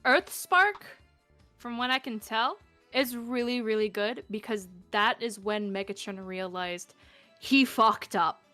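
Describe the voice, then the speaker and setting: Bright, chatty woman guest on a stream. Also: on the high side, a little slow, faint music behind. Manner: chatty, rambling, swears casually, laughs a lot. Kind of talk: casual streamed interview chat.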